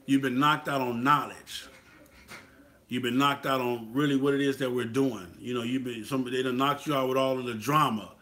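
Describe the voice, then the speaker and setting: Steady in tone and moderate in pace, his medium-pitched voice is pushed and bright. An Atlanta man hosting a motorcycle club talk, he motivates in a casual, sermonizing, repetitive way, frequently asking "you feel what I'm saying?"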